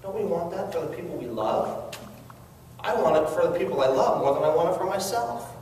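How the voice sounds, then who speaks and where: A man's voice: fairly high pitch, animated, fairly quick, a little mellow, slight background noise. Earnest man in an echoey hall. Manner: earnest, coaxing, asks the audience questions. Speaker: network marketing speaker. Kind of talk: motivational business talk. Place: large hall with an audience. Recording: echoey hall recorded from far off.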